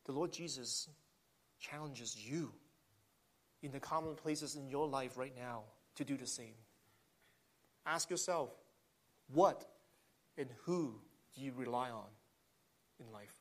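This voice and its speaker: A man's voice: medium pitch, slow, pauses often, a bit bright. A man preaching a sermon, earnest, swelling with emphasis and often restarting phrases. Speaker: pastor.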